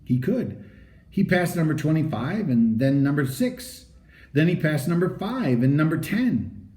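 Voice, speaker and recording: A man reads a children's story aloud with a lively, rising and falling delivery and a mellow, soft-edged tone. His narration is animated and expressive. The recording has a noticeably roomy echo. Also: a little high, measured pace. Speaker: audiobook reader.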